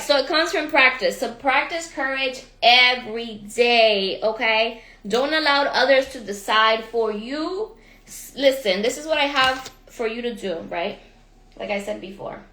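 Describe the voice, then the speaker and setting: A woman life and business coach giving a motivational live talk, energetic, repeating questions to her viewers and calling them y'all. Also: on the high side, normal speed, roomy sound, slight background noise, rough recording.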